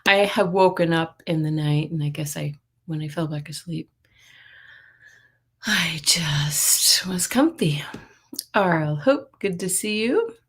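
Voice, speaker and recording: A woman's voice: sits low, lively intonation, moderate pace. A middle-aged woman hosting a psychic live stream, chatting casually and greeting viewers by name. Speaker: psychic livestream host.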